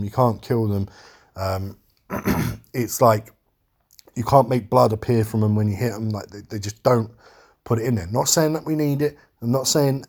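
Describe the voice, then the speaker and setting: A man's voice: fairly low pitch, darkish tone, breathy edge. A man giving a casual, rambling film review, talking frankly and swearing freely.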